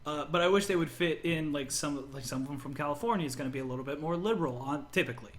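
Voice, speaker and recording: A man from the United States co-hosting a podcast, talking in an animated, joking way and laughing often. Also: fairly high pitch, fast. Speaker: podcast co-host. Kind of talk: casual chat.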